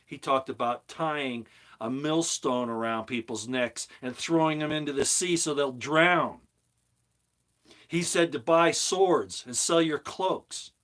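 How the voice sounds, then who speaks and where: On his own channel, a middle-aged commentary host speaks slowly in a voice on the high side with a fairly bright tone. He delivers a heated, preachy, opinionated monologue that relies on emphatic repetition.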